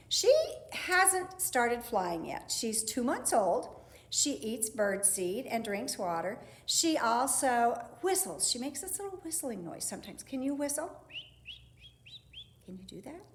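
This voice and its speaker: A woman's voice: on the high side, sing-song, unhurried. Chatty woman teaching kids in an echoey room. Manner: gentle, chatty, talks to her pet doves. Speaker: park district program specialist. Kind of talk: educational talk for children.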